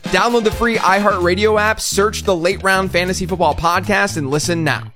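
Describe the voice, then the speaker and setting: A man's voice: high-pitched, normal speed. A man reading a scripted podcast promo in an upbeat, punchy way. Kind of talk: scripted ad read. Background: music.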